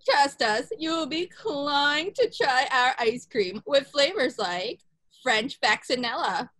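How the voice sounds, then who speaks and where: A woman's voice: high voice, lively intonation, takes it slowly, a bit bright, full character voice. A woman in a sketch comedy parody, playing a gushing big-cat sanctuary owner with a bubbly, singsong voice.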